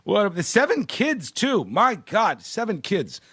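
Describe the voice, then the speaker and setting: A man's voice: sits high, big pitch swings, slow pace, fairly bright tone, slightly rough, dry recording. A man hosting a radio show, chatting casually, laughing and doing mocking impressions into a studio microphone.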